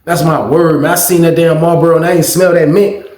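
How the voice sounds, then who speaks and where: A man hosting a storytime vlog, animated and profane, repeating "you know what I mean" often. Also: fairly high pitch, brisk, reverberant. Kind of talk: casual storytelling.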